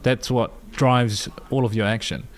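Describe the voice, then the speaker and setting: A male panelist on a casual podcast, making measured arguments with frequent restarts. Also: mid-range voice, steady tone. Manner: measured, builds arguments from data with many restarts.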